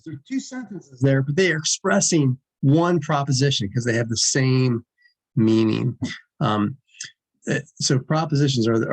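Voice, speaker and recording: A man's voice: medium pitch, rough recording. A man teaching an introductory logic lecture in a conversational way, restarting and repeating himself for emphasis. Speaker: philosophy lecturer.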